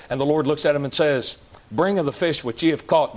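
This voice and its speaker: A pastor with a medium-pitched voice preaches briskly in church. His style is folksy and plain-spoken, and he asks the congregation question after question.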